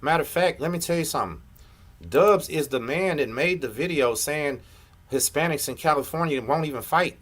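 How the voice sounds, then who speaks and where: A man's voice: on the high side, normal speed, a bit bright. A middle-aged man, hosting a live reaction and ranting at a rival, confrontational and profane. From Texas. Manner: confrontational, profane, repeats "you know what I'm saying". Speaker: host of a prison story channel. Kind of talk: heated live reaction rant.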